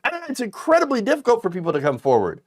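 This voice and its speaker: A man delivering political commentary with an indignant, emphatic edge. His pitch swings widely as he stresses words, and he stumbles through fillers and restarts as he talks. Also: huge pitch swings, fast talker.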